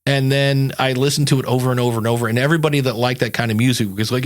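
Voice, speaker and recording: A man hosting a podcast, his voice sitting at an ordinary middle pitch. He chats casually, rambling from one point to the next. Along the way he acts out quick little asides in an animated way. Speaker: podcast coach and host. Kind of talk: casual chat.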